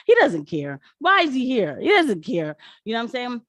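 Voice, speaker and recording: A woman commenting on a live stream in casual slang, animated and laughing often. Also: fairly high pitch, normal speed, no echo.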